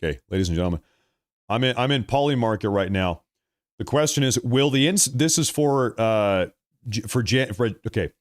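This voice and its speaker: A man's voice: mid-range voice, lively intonation, moderate pace, no echo, clean studio sound. A man hosting live political commentary on a stream, emphatic and repeating lines for effect, calling his viewers folks. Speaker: livestream political commentary host.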